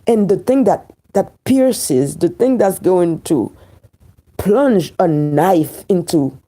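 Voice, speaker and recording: A woman from Haiti with a Haitian accent, giving an emphatic, preachy opinion commentary and repeating key phrases slowly for weight. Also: lowish voice, animated, dark tone.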